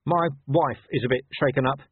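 A man voicing a gruff, weary male watch commander who speaks bluntly and awkwardly. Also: medium pitch, moderate pace, no room sound, pitched above the performer's own voice. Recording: tinny phone-like dry sound.

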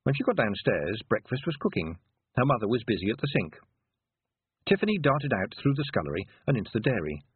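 A husky, breathy male narrator reads a story with a lively, rising and falling voice and well-placed dramatic pauses. He sounds dry and close. The sound is squeezed thin, like a phone line. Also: mid-range voice, no room sound. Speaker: audiobook narrator. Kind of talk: scripted narration. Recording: tinny, phone-like narrow sound.

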